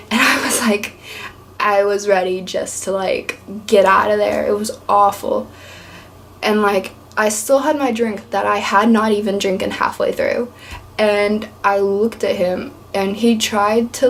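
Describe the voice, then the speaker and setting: Over a faint hiss or hum, a medium-pitched young woman from East Tennessee, USA chats to camera as a vlogger. Her story wanders, and "like" shows up in almost every breath.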